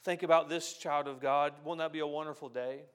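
Male pastor, high voice, sermon delivery; builds from hushed tenderness to loud proclamation, repeats and restarts phrases. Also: fairly even intonation, fairly quick, clean tone. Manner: preaching, swings from loud declarations to soft tender near-whispers.

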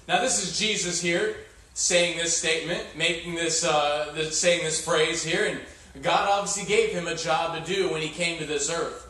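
A pastor preaching in a folksy, halting manner, his slightly high voice sprinkled with filler sounds. It carries through a very echoey church hall, picked up from far off the mic. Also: steady tone, bright, forceful tone. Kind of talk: sermon.

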